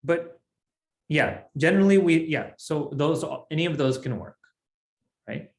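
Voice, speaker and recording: A man teaching a language class at an unhurried pace, his pitch rising and falling freely as he explains each point patiently. His voice sits in a roomy, echoing space. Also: lively intonation. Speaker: Sanskrit teacher.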